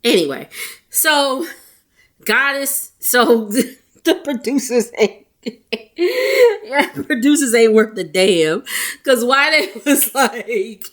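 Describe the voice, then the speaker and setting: A woman's voice: on the high side, sing-song. Chatty woman recapping reality TV. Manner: chatty, laughs often, quotes people in quick voices. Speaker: recap vlogger. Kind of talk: casual reality-show recap.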